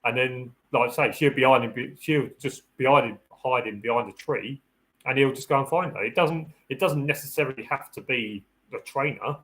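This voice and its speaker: A man at a middle pitch talks through dog training in a loose, conversational live-stream style. He circles back on his own phrases and restarts sentences as he works out his point. His delivery stays down-to-earth and practical. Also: moderate pace, fairly bright tone, poor audio. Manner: acts out the dog's thoughts in a raised voice. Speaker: security dog handler hosting a live Q&A. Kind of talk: casual live-stream advice talk.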